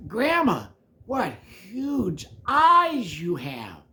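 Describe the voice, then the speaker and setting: A man voicing a sweet little girl in a red hood, speaking in a bright, sing-song, wide-eyed way for a puppet story. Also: sits high, wildly swooping pitch, very slow, voice pushed up, heavily acted.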